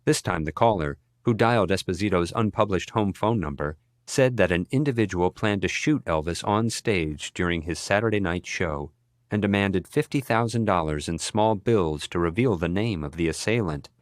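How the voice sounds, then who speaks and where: Male audiobook narrator, low voice, dry close sound, measured read. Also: dry recording. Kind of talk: scripted narration.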